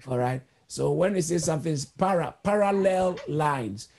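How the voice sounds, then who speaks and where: Gravelly-voiced preacher teaching word roots. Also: male voice, on the high side, measured pace, darkish tone. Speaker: pastor. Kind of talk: sermon.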